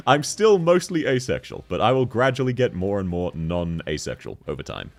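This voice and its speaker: A man's voice: fairly low pitch, big pitch swings, moderate pace. A young man chatting casually on a game livestream, joking, laughing often and reading chat messages aloud. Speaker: streamer.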